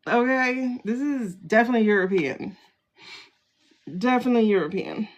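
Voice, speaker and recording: Expressive and fairly high-pitched, this woman speaks at normal speed while hosting a casual tarot livestream through her phone. She chats away, exclaims often and calls out viewers by name.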